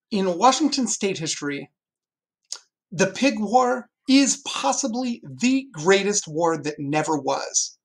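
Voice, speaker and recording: A male teacher giving a lively history lesson to his class, joking and pointing things out as he explains. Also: high-pitched.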